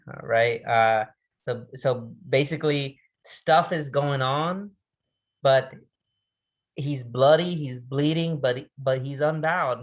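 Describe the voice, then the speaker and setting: A man at a middle pitch giving a recorded resilience training lesson. He speaks in a loose, conversational way, stumbling over and restarting words, and keeps turning questions back to the listener. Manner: conversational, restarts words, reads poetry slowly and dramatically.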